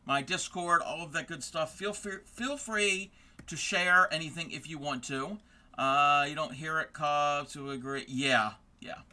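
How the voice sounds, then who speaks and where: A man's voice: fairly high pitch, unhurried, sharp tone. A man chatting casually with his live-stream viewers as he crafts, rambling and friendly. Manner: rambling, friendly, talks to chat between tasks. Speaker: live-streaming fiber artist.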